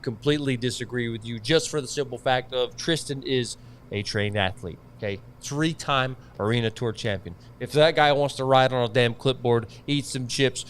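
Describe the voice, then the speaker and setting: A man hosts a casual chat show with blunt opinions. He talks in a loose, drawling style and mixes in folksy asides. His pitch sits in an ordinary middle range. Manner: opinionated, drawling, says y'all. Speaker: show host.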